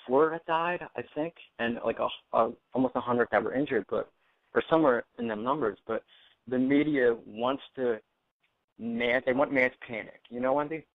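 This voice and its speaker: A man with a gravelly, creaky voice comes through a thin, phone-like line with no room sound at all. He talks in halting bursts, stops and starts over, and his pitch leaps up when he gets flustered. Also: expressive, dry recording. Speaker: call-in guest. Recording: tinny phone line, dry.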